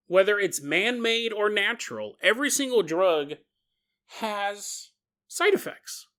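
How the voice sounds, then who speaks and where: A man hosting a podcast, talking through a conspiracy theory in an animated, jokey way and acting out quoted voices. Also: high voice, a little slow. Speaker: podcast host. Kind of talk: comedic conspiracy podcast monologue.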